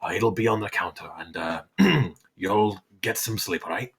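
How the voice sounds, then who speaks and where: A man voicing a bashful, grateful father with rotten teeth, who stammers through halting, homely speech. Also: fairly low pitch, vocal fry, husky. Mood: friendly. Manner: homely "aye, lad" speech.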